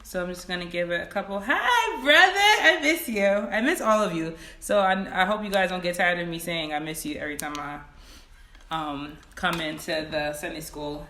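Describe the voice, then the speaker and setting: A woman leading a livestreamed Sunday school lesson on her phone, greeting viewers by name and reading each question slowly, then repeating it. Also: on the low side, fairly even intonation, fairly bright tone, reverberant. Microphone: phone camera.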